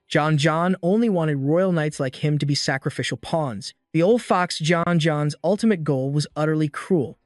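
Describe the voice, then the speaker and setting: A man narrating a scripted story recap with a steady storytelling delivery. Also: on the high side, no echo, clean studio sound.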